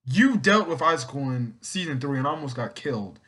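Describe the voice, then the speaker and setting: A man talking casually through a TV episode recap in a loose, rambling way. He restarts sentences, corrects himself and slips into quick acted-out quotes from the characters. His voice sits at an ordinary middle pitch. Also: animated, a bit bright. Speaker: TV episode reviewer.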